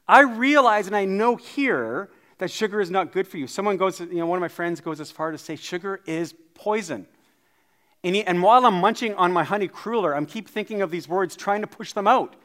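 A middle-aged man preaching with a fairly high voice. He talks loosely and jokes at his own expense as he works through the scripture. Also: a little fast, fairly bright tone. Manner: chatty, self-deprecating storyteller. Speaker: pastor. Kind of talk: sermon.

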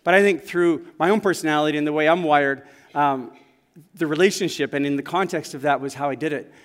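With a slightly high voice and a brisk pace, a man preaches a sermon in a church sanctuary. This pastor tells stories in an earnest, conversational style, and the recording has the long reverb of a large church hall.

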